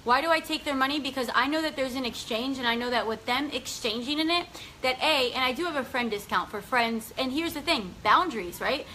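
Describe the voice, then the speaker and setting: A woman's voice: high voice, brisk, slight background noise, low-quality recording. A woman in her thirties, a spiritual business coach, talking to viewers in a casual, emphatic, motivational way with lots of "right?" and "like". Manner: energetic, emphatic, chatty with many "right?" and "like". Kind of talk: casual motivational livestream talk.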